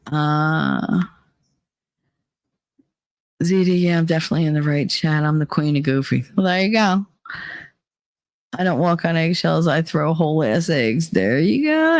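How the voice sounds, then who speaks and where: A woman's voice: fairly low pitch, dry recording. A woman hosting a livestream, reading out chat and talking things through in a candid, joking way, her voice a little worn. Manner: candid, joking, drifts between reading chat and musing aloud. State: tired, voice worn.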